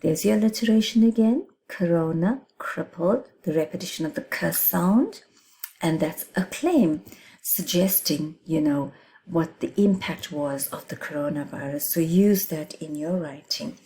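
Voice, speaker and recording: A woman's voice: fairly low pitch, lively intonation, a little slow, warm tone. A middle-aged woman teaching an exam revision lesson, explaining with examples and often checking in with "right?". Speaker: English teacher.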